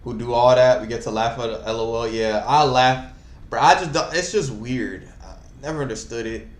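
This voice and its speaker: A young man hosting a casual chat, talking in an animated, rambling and slangy way. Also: medium pitch, moderate pace, echoey room. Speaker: host.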